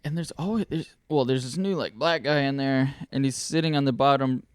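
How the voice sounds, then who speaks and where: A man's voice: medium pitch, fairly quick, smooth, dry recording. Laughing young man telling stories. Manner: animated storyteller, laughs often, slangy. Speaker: podcast host. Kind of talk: casual chat.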